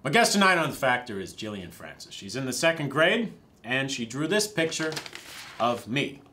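A man's voice: medium pitch, sing-song, normal speed, music in the background, natural voice. A man doing an impression of a combative TV pundit host who interrupts and browbeats his guest. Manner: blustering, interrupting, shouting. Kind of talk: impression sketch.

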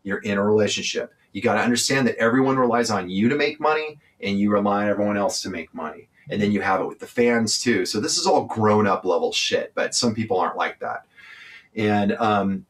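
Blunt, low-voiced man from California. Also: expressive, a little fast. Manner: blunt, profane and emphatic. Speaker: interview guest, singer. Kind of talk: candid interview talk.

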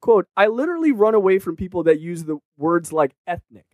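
Male podcast co-host, animated and profane, slightly high voice, dry close sound. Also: fairly quick, dry recording. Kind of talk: casual film podcast discussion.

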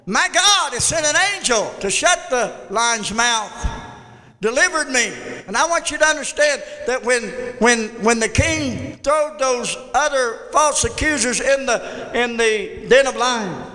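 High, bright-voiced fervent preacher man. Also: measured pace. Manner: fervent, repetitive preaching with shouted climaxes. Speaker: pastor. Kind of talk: Pentecostal sermon. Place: church sanctuary. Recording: long church reverb.

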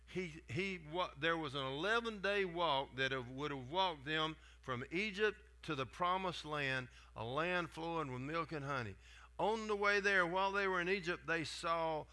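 Folksy older preacher, bright voice. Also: male voice, fairly high pitch. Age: 70s. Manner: folksy, conversational preaching with restarts and asides. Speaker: guest preacher. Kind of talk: sermon.

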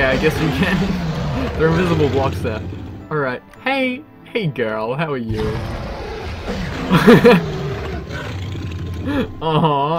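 A man giving casual gameplay commentary, excitable, laughing often and talking to the animals in his game. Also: fairly high pitch. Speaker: gaming channel host.

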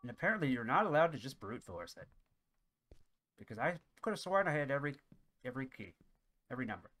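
A man's voice: medium pitch, sing-song, quick pace, a bit bright. A man commentating a horror game as he plays, joking and talking back to the character chasing him, with yelps and laughter. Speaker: gaming commentator. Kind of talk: let's play commentary. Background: horror game music.

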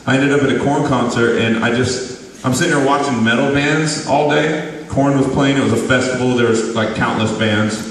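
A man's voice: medium pitch, normal speed, distant mic. A man giving a loose, rambling testimony in an interview, laughing often, recorded from afar in a large hall. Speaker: guest musician.

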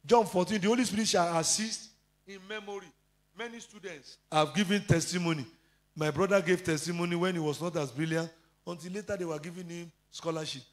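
A man preaches a sermon in a high-pitched voice. He moves through scripture references and personal testimony, with the occasional filler. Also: fairly even intonation, fairly quick. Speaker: pastor.

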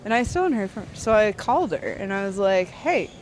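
A woman's voice: medium pitch, very animated, fast, slight background noise. A woman, a guest farmer chatting in an interview at a busy convention hall, with lots of fillers. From Ontario, Canada. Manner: chatty, frequent fillers and laughs. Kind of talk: casual storytelling interview.

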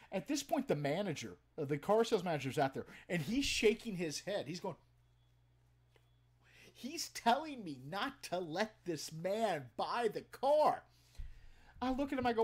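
A man in his forties casually telling comic stories to a stream audience, swearing freely and animated. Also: high-pitched, moderate pace. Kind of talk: casual storytelling.

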